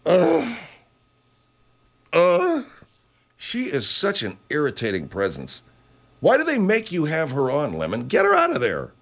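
A man's voice: medium pitch, wildly swooping pitch, moderate pace, fairly bright tone. A man hosting a radio show in casual chat, rambling, restarting sentences and swearing freely. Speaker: host.

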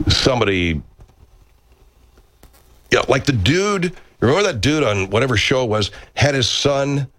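A middle-aged man, a radio talk show host, chatting casually and answering viewer comments in a rambling, profane, animated way. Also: lowish voice, no room sound.

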